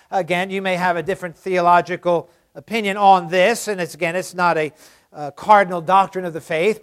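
A man preaching a sermon, emphatic and given to repeating key phrases, swinging between loud stresses and hushed asides. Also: high-pitched.

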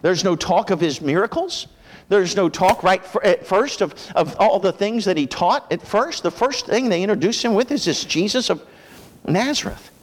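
High-voiced impassioned preacher in a reverberant church. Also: male voice, animated, moderate pace. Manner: impassioned preaching, drops low for prayer. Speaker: pastor. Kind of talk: sermon.

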